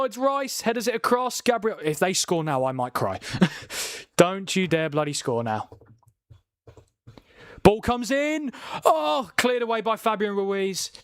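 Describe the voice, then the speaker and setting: A young man talks through a live football watchalong at home, chatty and easily excited. His voice sits a little high and sounds dry and close, with no room echo. When a big chance arrives, he jumps into loud, high calls. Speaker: watchalong host. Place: room at home, family downstairs.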